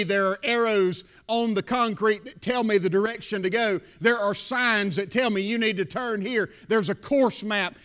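A male pastor preaching a sermon, building from quiet talk to shouted crescendos. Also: high-pitched, clear, resonant tone.

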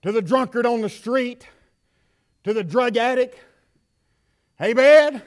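A man preaching a sermon in a church, swinging from quiet asides to shouted lines. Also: very high voice, takes it slowly. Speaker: pastor. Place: church sanctuary.

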